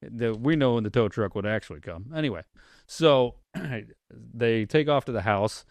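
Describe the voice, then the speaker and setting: Casual swearing podcast host, dry mic. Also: male voice, medium pitch, moderate pace, no room sound. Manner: rambling, swears, retells scenes. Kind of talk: casual chat.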